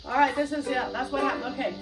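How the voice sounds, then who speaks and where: A chatty woman hosts her show at home, rambling about her yard and guests between songs. Her voice is high and sounds roomy, picked up from a distance, with ukulele music loud behind her. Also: fairly even intonation, fast. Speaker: show host and singer. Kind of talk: casual chat and singing with ukulele. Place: home room with doors open to a yard.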